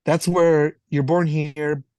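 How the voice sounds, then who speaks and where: A man from Spain, Spanish his first language, talking in English with a Spanish accent, telling stories fast and animatedly and swearing freely in a casual podcast chat. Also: fairly high pitch, little pitch movement, darkish tone, clear, resonant tone, no room sound. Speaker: podcast guest.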